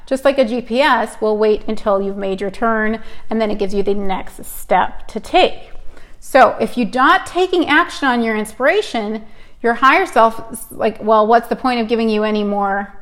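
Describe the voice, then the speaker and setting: A woman's voice: on the high side, lively intonation, normal speed, fairly bright tone. A woman hosting a spiritual live stream, telling stories and reading oracle cards in an upbeat, chatty way. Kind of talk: casual live stream chat and card reading.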